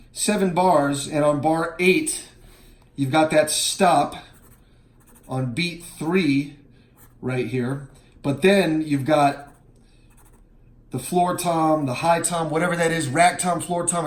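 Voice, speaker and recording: Slow-talking man teaching drums. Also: a little high. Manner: counts beats aloud and scats drum parts. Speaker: drum teacher. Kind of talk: instructional walkthrough. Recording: roomy, with music playing.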